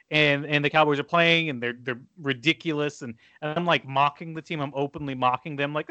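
A man co-hosting a casual podcast chat, telling stories with sarcastic, animated outbursts. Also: fairly high pitch, a little fast, few pauses, dry recording. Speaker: podcast co-host.

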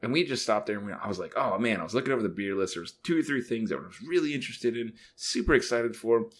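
A man's voice: fairly low pitch, animated, fast talker, husky. A man co-hosting a podcast, casually telling a rambling travel anecdote and acting out the dialogue. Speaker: podcast co-host. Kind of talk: casual chat, storytelling. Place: bathroom at home.

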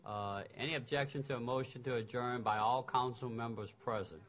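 A man, chairing a public meeting and calling motions in brisk procedural phrasing. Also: medium pitch, fairly even intonation, a bit bright. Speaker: council chairman.

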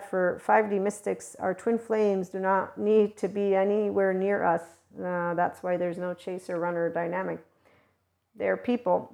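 A woman channels guidance in a casual, rambling spiritual teaching monologue, talking conversationally and laughing softly. Her voice is medium-pitched and creaky.

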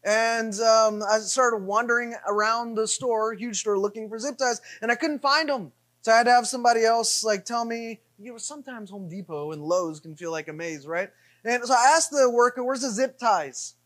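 A middle-aged man preaching, telling a self-deprecating story in an animated way with repeated refrains. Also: very high-pitched, normal speed. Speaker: pastor. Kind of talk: sermon storytelling.

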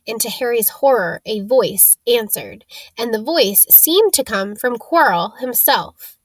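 A woman narrating a story for an audiobook in a steady, clear manner. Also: fairly high pitch, a little slow. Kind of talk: scripted narration.

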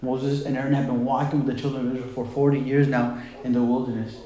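A man's voice: medium pitch, flat delivery, fast, dark tone. A man preaching a sermon, retelling scripture in a conversational, emphatic way. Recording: very echoey hall.

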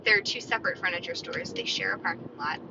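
Recorded outside by a store parking lot, a thirties-aged podcaster rambles solo in a chatty, opinionated way, leaning on "like" and "right?". Her mid-range voice is animated and fast, and car and street noise comes through the dull lo-fi sound.

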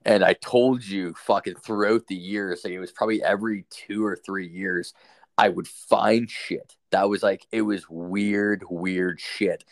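A man with a deep, low-pitched voice tells a long story in casual, rambling fashion, swearing often and circling back on himself. He sounds young, and the recording is dry and close, with no room sound around him. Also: steady tone, measured pace, no echo. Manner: rambling, heavy swearing, filler-laden. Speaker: podcast host.

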